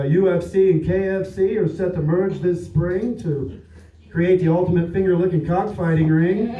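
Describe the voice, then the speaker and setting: A man's voice: on the high side, warm tone. Dry-voiced male comic in an echoey room. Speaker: stand-up comedian. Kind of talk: stand-up set. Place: comedy stage at a winery. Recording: echoey room, distant dull mic.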